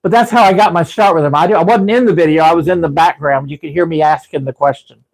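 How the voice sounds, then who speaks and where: A man's voice: on the high side, quick pace, vocal fry, low-quality recording. Rambling man on a live stream. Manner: rambling storyteller, frequent restarts. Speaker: livestream host. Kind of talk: casual live-stream chat. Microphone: livestream setup.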